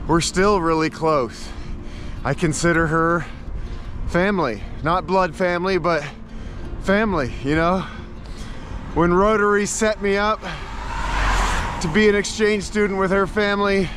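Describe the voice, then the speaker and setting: A man's voice: on the high side, fairly bright tone. Upbeat American man vlogging outdoors. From United States. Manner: enthusiastic, chatty, addresses viewers. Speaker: travel vlogger. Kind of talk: casual travel vlog. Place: outdoors, riding a bike.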